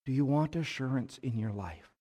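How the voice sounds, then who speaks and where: A man preaching a sermon as pastor, slow and emphatic, building to fervent peaks. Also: mid-range voice, lively intonation, dark tone, husky. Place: church sanctuary. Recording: long hall reverb.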